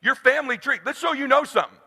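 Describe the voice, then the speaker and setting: Forties male sales coach, high and raspy, tense delivery, shouts then hushes, big reverberant hall. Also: quick pace. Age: 40s. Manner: blunt, swings from hushed to shouting. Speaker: sales trainer. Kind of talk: motivational seminar speech.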